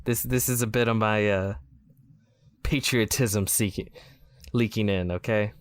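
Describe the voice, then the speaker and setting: A man's voice: lowish voice, fairly even intonation, measured pace, smooth, dry recording. A man from the United States co-hosting a podcast, joking sarcastically and swearing casually. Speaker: podcast co-host.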